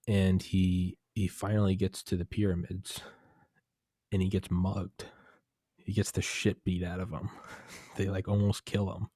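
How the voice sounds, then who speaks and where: A man's voice: low-pitched, mellow, no echo, clean studio sound. A young man telling a long story in casual chat, rambling and candid, full of fillers and profanity.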